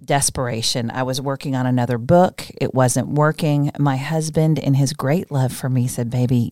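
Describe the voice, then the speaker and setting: Low-pitched lady hosting a podcast, expressive, laughs a lot, dry close mic. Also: no room sound. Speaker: podcast host. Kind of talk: conversational interview.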